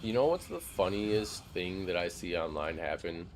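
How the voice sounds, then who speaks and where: A man's voice: deep voice, very animated, normal speed, slight background noise. A man streaming a game, chatting casually in a loose, rambling way full of "like" fillers and the odd swear word. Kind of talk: casual live-stream chat while gaming.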